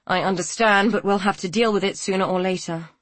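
A woman's voice: mid-range voice, steady tone, no room sound, natural voice. Woman voicing a cautious male detective. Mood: polite. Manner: cautious, measured. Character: careful, patient male police detective.

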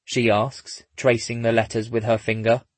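A man narrating a story in a husky voice, dropping in dry, wry asides. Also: mid-range voice, little pitch movement, moderate pace, no echo. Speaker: audiobook narrator. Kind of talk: scripted narration.

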